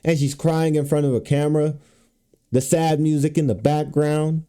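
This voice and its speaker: A commentary streamer gives loose, casual reaction commentary packed with slang and filler like "bro" and "you know what I'm saying." His voice is on the high side, steady, warm and clean at a normal speed.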